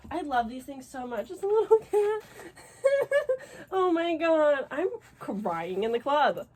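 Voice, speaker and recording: Excitable woman vlogging, lively voice. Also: high voice, measured pace. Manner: gushing, exclamatory, swears freely. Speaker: reading vlogger. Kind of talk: casual vlog chat to camera. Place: at home.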